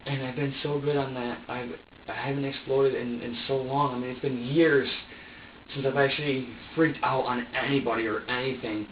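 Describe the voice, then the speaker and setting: A man's voice: medium pitch, fairly even intonation, moderate pace, recorded from a distance. A young man in a police interview room, pouring out an agitated, profanity-laced confession full of stammers and repeated phrases. He sits away from the microphone, so his voice echoes and sounds dull and lo-fi, with faint ambient noise underneath. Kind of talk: emotional confession.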